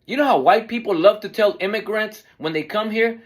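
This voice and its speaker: A man's voice: high voice, fairly quick, hardly any pauses. A man hosting his own podcast, delivering an argumentative commentary monologue full of rhetorical questions. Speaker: podcast host.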